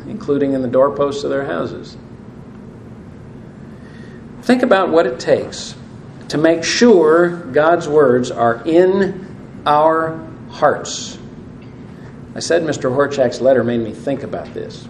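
A man delivers a sermon in a fairly high, gravelly voice, reading scripture aloud and putting questions to his listeners. The recording sounds roomy and echoey, with a faint hiss underneath. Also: a little mellow. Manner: asks the audience questions, reads scripture aloud. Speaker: pastor. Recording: echoey room with faint noise.

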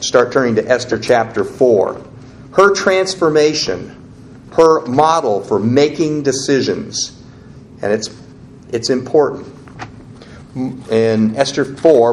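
A male preacher giving a sermon in an even, mid-pitched voice. He teaches conversationally, walking listeners through the passages as he reads. A faint background hiss sits behind his voice. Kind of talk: sermon with scripture reading.

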